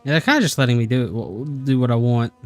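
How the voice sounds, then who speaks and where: A man's voice: medium pitch, fast talker. A man plays through a game and mutters sarcastic remarks as he goes, swearing now and then. His voice is mid-range and casual, with faint music underneath. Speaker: streamer. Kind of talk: casual gameplay commentary.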